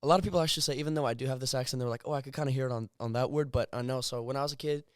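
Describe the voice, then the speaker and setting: Teenage South African guest, Afrikaans first language, American accent; fast, chatty, lots of fillers, smooth and dry. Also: male voice, mid-range voice, no echo. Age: teens. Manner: fast, chatty, laughing often, many fillers. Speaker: guest singer. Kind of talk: casual chat.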